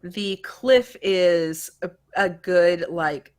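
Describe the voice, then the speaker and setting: Slow, low-voiced woman game master. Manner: unhurried, describes scenes with hesitant fillers. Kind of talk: narrating a tabletop game.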